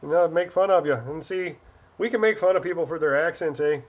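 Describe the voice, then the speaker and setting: A teasing Minnesota guy, as a man puts him on with a Minnesota accent, tagging each sentence with a long "eh?". The voice sits high and comes out loud and pushed, a playful send-up of a regional way of talking. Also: husky. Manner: teasing, drawn-out "eh?" tags. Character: joking Minnesota guy mocking his own accent.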